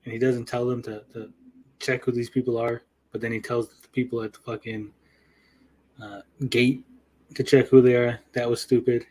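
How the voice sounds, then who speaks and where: Man, casual review chat, blunt, profane, mid-pitched, mimics characters. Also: little pitch movement, normal speed, darkish tone, low-quality recording. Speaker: podcast co-host.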